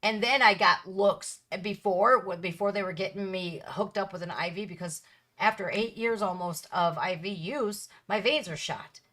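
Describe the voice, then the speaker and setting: Blunt, emphatic woman host, thirties, middle pitch, casual reaction commentary. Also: moderate pace, fairly bright tone.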